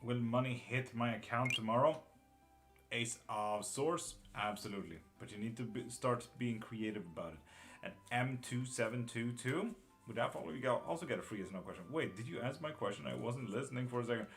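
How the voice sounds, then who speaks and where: Soft music plays in the background as a man with a medium-pitched voice reads tarot on a live stream, speaking briskly. He's casual and blunt with viewers, naming them directly and cursing now and then.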